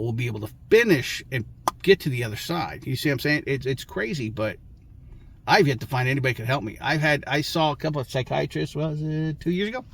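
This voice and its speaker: Blunt, rambling man talking to camera. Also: medium pitch. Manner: rambling, profane, frank, with restarts and short laughs. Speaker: vlogger. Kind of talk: casual storytelling monologue.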